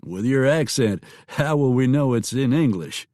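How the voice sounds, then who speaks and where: A man's voice: mid-range voice, animated, normal speed, a little mellow, no echo, studio quality, voice pushed up, lightly acted. A man voicing a blunt, teasing small-town sheriff in a Western audiobook. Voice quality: wry, blunt.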